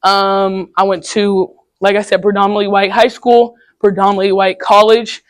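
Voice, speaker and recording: A young woman giving a candid, casual personal talk to high school students in a classroom, telling stories in slangy everyday speech. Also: level tone, normal speed, no echo. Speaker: guest speaker at a high school.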